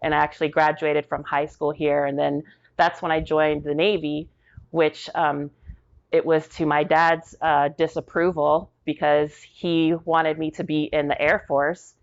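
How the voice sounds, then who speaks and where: Veteran woman, forties, low-pitched, casual storyteller who acts out the quotes; slightly muffled audio. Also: measured pace. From Tampa, Florida. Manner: animated storyteller acting out quotes. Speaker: podcast guest, military veteran.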